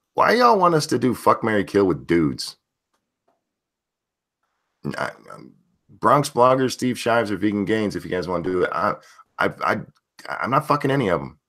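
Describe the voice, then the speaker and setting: Deep-voiced man, blunt casual streamer. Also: fairly bright tone. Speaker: streamer host reading chat. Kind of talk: casual livestream chat.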